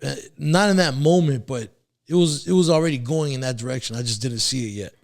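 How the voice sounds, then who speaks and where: A man with a gravelly, creaky voice sits as a podcast guest and tells his own story in a laid-back way. He swears freely, chuckles now and then and often restarts his sentences. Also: mid-range voice, a little fast. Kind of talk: casual storytelling about his life.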